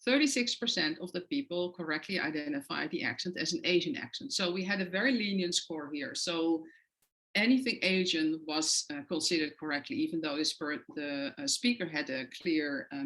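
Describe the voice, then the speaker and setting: A woman's voice: low voice, normal speed, a bit bright, low-quality recording. A woman with a non-native English accent giving an academic lecture, explaining her research with frequent hesitant fillers. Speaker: guest lecturer.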